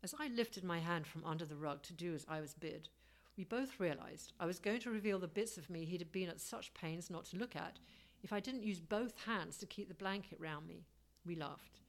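Woman narrating a story, lowish voice. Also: moderate pace. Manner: wry, lightly humorous first-person telling. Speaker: audiobook narrator.

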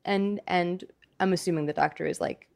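Woman player, low gravelly voice, dry narration. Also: steady tone, normal speed, a little mellow. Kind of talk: playing a tabletop game.

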